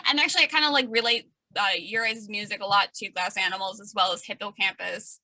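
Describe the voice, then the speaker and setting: A woman interviewing a band in a casual, upbeat chat who is quick to laugh. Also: medium pitch, fairly even intonation, bright, forceful tone, dry recording, poor audio.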